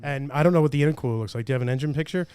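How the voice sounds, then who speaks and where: A man on a car podcast, telling quick, animated stories and sharing casual opinions. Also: fairly high pitch, smooth, dry recording. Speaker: guest car owner. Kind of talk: casual chat and anecdote.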